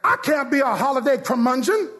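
A man a sermon, calling out to the congregation and leading call-and-response, his lines half sung and shouted. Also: very high-pitched, animated, a little fast. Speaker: pastor.

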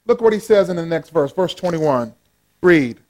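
A man preaching a sermon, animated and playful, swinging from loud exclamations to low asides and joking with the congregation. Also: moderate pace. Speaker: pastor.

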